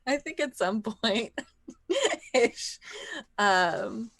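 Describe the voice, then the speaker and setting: A player in a tabletop game describing his character's actions hesitantly, with many pauses and fillers. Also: extremely high pitch, animated, a bit bright, dry recording.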